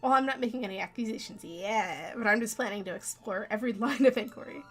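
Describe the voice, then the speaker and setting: A young lawyer probing for details in a measured, questioning way, as a woman reads the part. Her voice sits in a middle range, with faint game music behind. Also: mid-range voice, lightly acted. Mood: inquiring. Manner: questioning, level investigative tone. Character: inquisitive young male lawyer.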